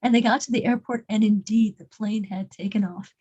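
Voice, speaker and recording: A woman's voice: medium pitch, fairly even intonation, brisk, darkish tone, husky, muffled recording. A woman casually telling a story to a small group as its leader, often repeating words and restarting her sentences.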